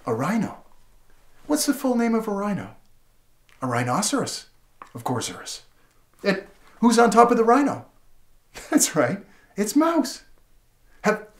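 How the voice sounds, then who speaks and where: A man demonstrating how to read a picture book aloud to a child, playful and animated, asking many questions and gasping and laughing in surprise. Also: on the high side, measured pace, pauses often. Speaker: literacy educator. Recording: roomy echo.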